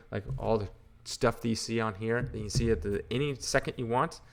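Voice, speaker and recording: A man's voice: medium pitch, creaky. A man hosting a comic book channel, ranting in casual, exasperated and sarcastic commentary.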